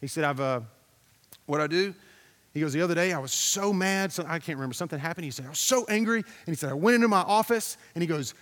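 A man's voice: a little high, fast talker, a bit bright, long reverb tail. A man preaching a sermon as a pastor, talking in a conversational, storytelling way, repeating himself and putting questions to the congregation.

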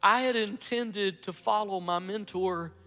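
A pastor in his fifties telling a story in a sermon, animated and acting out his own past excitement. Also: high-pitched, unhurried. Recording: echoey hall with faint music.

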